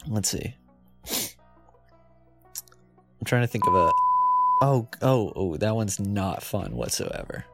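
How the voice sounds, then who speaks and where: A man's voice: on the low side, expressive, slow pace, long pauses, over loud music. A man hosting a comedy show, rambling playfully, giggling and correcting himself as he goes. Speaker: comedy podcast host.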